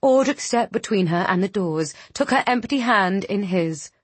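A woman narrating a fantasy novel with measured, dramatic storytelling. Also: mid-range voice, lively intonation, husky, no echo. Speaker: audiobook narrator.

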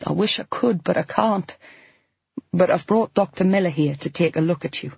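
A kind nurse speaks softly and apologetically, as a woman narrator reads her lines. The audiobook recording is dry and a little dull. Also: on the low side, moderate pace, creaky, breathy edge, dry recording, exaggerated voice. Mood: apologetic. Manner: gentle, apologetic. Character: kind, sorry female hospital nurse.

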